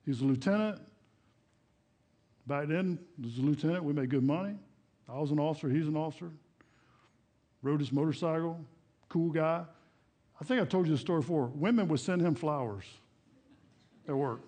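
A middle-aged pastor preaches to his church in a relaxed, chatty manner. His voice sits a little high for a man, and he keeps slipping into little acted-out prayers and voices. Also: moderate pace, long pauses. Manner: conversational, folksy preaching with acted-out prayers and quotes. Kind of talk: sermon. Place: church sanctuary.

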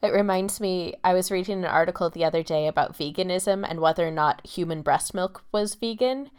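A woman co-hosting a travel podcast in casual chat, delivering absurd jokes in a dry, deadpan way. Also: lowish voice, fairly quick, clean tone. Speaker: podcast co-host.

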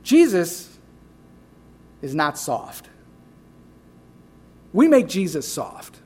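A man preaching a sermon, emphatic, swinging between loud declarations and quiet asides. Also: on the high side. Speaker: pastor.

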